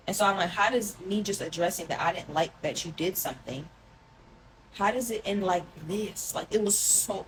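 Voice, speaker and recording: A young woman telling a long personal story to her viewers in a casual, rambling way, full of "like" and slang, often dropping into a hushed tone. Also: fairly low pitch, noisy background. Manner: rambling, heavy filler "like", emotional, addresses viewers as y'all. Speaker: storyteller recounting a relationship.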